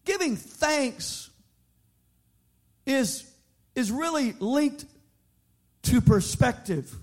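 A man preaching a sermon, moving from shouted sing-song appeals to quieter, conversational teaching with frequent restarts. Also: very high voice, animated, very slow. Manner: repeats words in restarts. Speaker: pastor.

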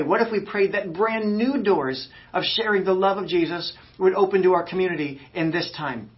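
A male pastor preaching a fired-up, emphatic sermon, swinging between loud urging and quiet, intimate stretches. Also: high-pitched, dull audio.

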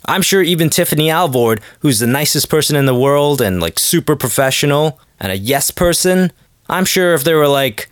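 A man's voice: on the high side, expressive, normal speed, fairly bright tone, no echo, clean studio sound. Joking man rambling on a podcast. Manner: rambling, joking, acts out quotes in voices. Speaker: podcast host. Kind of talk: casual comedic monologue.

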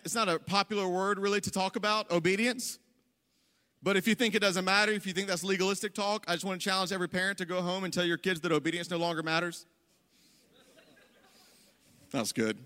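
Animated young pastor in a big hall. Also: male voice, sits high. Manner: animated, rises to near-shouting on key lines. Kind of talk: sermon storytelling. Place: church hall before a congregation. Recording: long hall reverb.

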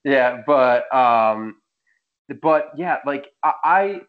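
A man's voice: mid-range voice, lively intonation, very slow, phone-quality sound. A young man hosting a casual sports podcast, roasting players in emphatic rants. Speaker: podcast host.

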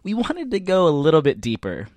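Brief: host, very expressive pitch, playful, dry close mic. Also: fairly quick, no echo. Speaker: podcast host. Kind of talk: casual interview chat.

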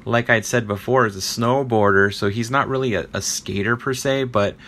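A man's voice: medium pitch, steady tone, normal speed, a bit bright. A man hosting a podcast, recapping a show without a script in a rambling, laughing, filler-heavy way. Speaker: podcast host. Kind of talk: unscripted casual recap.

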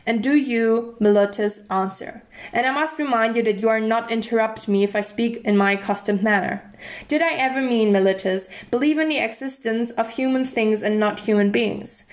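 A woman reading a classic philosophical dialogue aloud in a plain, measured way, with the odd slip and restart. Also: on the high side. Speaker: reader.

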